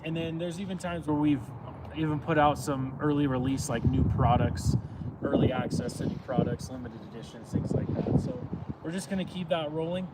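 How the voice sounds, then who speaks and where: A man's voice: fairly high pitch, moderate pace, distant mic, heavy background noise. A man hosting a live product demo outdoors beside a car, talking loosely with many fillers, recorded on a phone's camera audio. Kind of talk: casual livestream how-to talk. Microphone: phone camera audio, no wireless mic.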